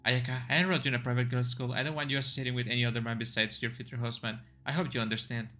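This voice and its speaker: A controlling, wealthy mother speaks in a firm, formal way, as a man reads her lines from a story game. The voice is bright and forceful, with a middle pitch. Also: level tone, rapid-fire, faint music behind, close to an everyday voice.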